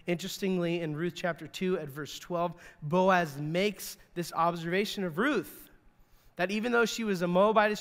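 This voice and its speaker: Male preacher, high voice, lively sermon with quotes acted out, long reverb of a church hall. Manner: animated, repeats and restarts words, acts out quotes. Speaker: pastor.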